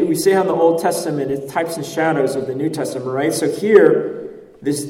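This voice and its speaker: A man preaching a sermon in a large, echoey hall, with his voice carrying from some distance away from the mic. His tone is mellow but sits a little high for a man. He reads scripture and explains it in short, repeated phrases, checking in often with "okay?" and "right?".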